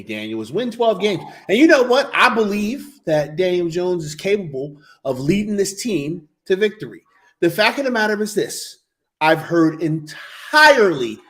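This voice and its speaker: A man co-hosting a casual sports podcast, excitable and profane, breaking into loud outbursts. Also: high-pitched. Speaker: podcast co-host.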